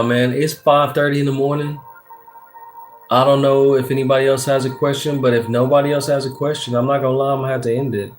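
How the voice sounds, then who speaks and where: A relaxed man of ordinary pitch talks into his phone at night, reading tarot cards and chatting loosely with viewers. He swears often and reads out comments, with faint music playing behind him. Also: normal speed. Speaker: tarot reader hosting a live stream. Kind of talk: casual livestream chat and tarot reading. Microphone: phone front camera.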